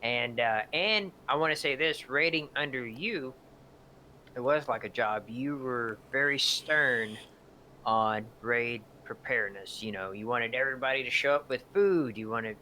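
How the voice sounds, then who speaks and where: A man's voice: medium pitch, measured pace, bright, forceful tone, slight background noise. A man co-hosting a streamed gaming talk, blunt and teasing, swearing casually. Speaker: co-host.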